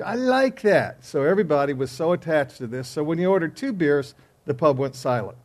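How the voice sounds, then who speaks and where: A man's voice: on the high side, animated, brisk, hardly any pauses, darkish tone. A man giving joking news and telling jokes before a class lesson, in a rambling, chatty way. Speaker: class teacher.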